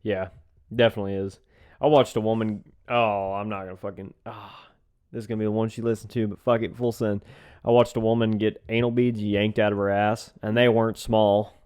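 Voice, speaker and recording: A man's voice: lowish voice, level tone, a little fast, darkish tone, smooth. A young man co-hosting a podcast, chatting loosely and crudely and laughing often. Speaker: podcast co-host. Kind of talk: casual crude chat.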